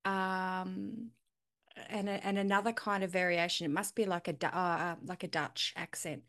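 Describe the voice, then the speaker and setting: A woman hosting a casual podcast, chatty and quick to laugh. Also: lowish voice, little pitch movement, fairly bright tone. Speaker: podcast host.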